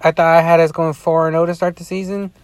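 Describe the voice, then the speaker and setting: A man's voice: on the high side, flat delivery, fast, clear, resonant tone, no room sound. Rambling, foul-mouthed man. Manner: rambling, heavy swearing, frequent restarts. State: tired, yawning. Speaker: sports fan vlogger. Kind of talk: casual vlog rant.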